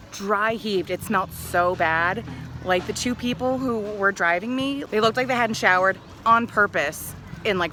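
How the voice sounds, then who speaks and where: A young woman chats into a handheld camera in a small rented room, rambling and venting with lots of "like". Her voice sits in an ordinary middle pitch, and she sounds a little out of breath at times. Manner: chatty, complaining, lots of "like". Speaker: travel vlogger. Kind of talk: casual vlog chat.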